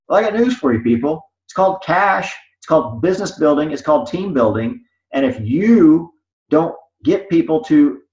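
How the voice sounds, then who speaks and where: A man leading a live team training in a meeting room, talking emphatically and often checking in with "right?". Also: mid-range voice. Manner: emphatic, keeps asking "right?". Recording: echoey room, dull lo-fi sound.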